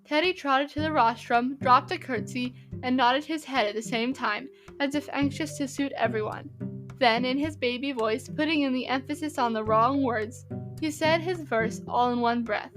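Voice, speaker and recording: A woman narrating a classic storybook in a gentle, even reading manner. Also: high-pitched, normal speed, over music. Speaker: audiobook narrator.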